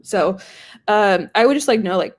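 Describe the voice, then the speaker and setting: Woman in her 30s, sales exec guest, lively and quick to laugh, acts out calls. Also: mid-range voice, slight background noise. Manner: animated, laughs often, acts out quoted calls. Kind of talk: casual interview chat.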